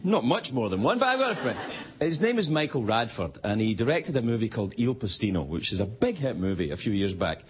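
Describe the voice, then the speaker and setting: A late-night talk show host gives a jokey stand-up monologue in a brisk, mid-range voice with big swings in pitch, acting out voices when he quotes people. He's in a television studio before a live audience whose laughter is loud on the dull broadcast audio.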